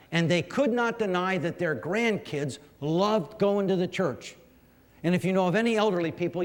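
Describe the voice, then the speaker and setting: High-voiced man preaching in a hall. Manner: storytelling with humorous asides to the audience. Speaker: pastor speaking to clergy. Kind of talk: folksy conference talk. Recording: long reverb of a large hall.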